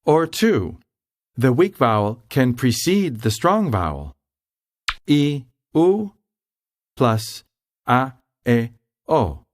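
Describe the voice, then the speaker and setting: A man reads a grammar lesson aloud at an unhurried pace, explaining each point with care. His pitch rises and falls a good deal. The sound is close and dry, with no room around it. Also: big pitch swings, no room sound. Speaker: language tutor. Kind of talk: scripted instructional narration.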